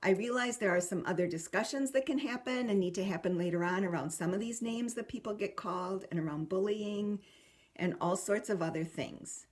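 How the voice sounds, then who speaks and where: Female parenting host, calm and even, gentle explainer. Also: medium pitch, brisk. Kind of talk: talking to camera about parenting.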